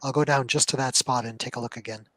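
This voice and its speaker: A man's voice: medium pitch, fairly even intonation, fast talker, bright, forceful tone, dry recording. A man playing in a tabletop game, chattily declaring what his character does. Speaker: player. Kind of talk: casual tabletop game talk.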